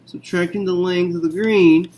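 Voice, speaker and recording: A man teaching a math lesson, working through a problem slowly and thinking aloud with frequent okays. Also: high voice, fairly even intonation, a little mellow.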